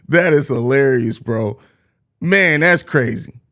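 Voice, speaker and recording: A young man with a high-pitched voice hosts a live postgame stream in loose, casual chat. He laughs easily but turns profane and repetitive when he roasts someone. His delivery is blunt and heated. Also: fairly bright tone. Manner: profane, heated trash talk at a chatter; repeats himself, laughs often. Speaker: host of a live postgame show.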